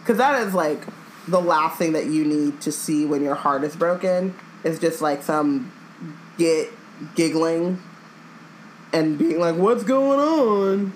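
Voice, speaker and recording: A woman co-hosts a casual chat in a somewhat low voice. She is blunt and jokey, and she swears freely while riffing on the story. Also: slow pace, a little hiss or hum, rough recording. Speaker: podcast co-host.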